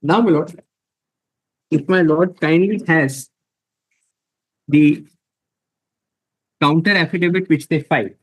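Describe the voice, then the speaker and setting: Man, courtroom advocate, formal, emphatic, reads from documents, fairly high pitch. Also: slow, pauses often, breathy edge, rough recording. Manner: deferential, repeatedly saying my lord.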